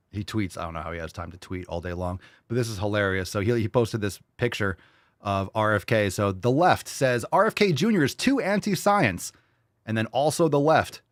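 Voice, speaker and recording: A man's voice: on the low side, no room sound, studio quality. A man hosting a podcast, reacting to clips with mocking, profane, ranting political commentary. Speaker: podcast host.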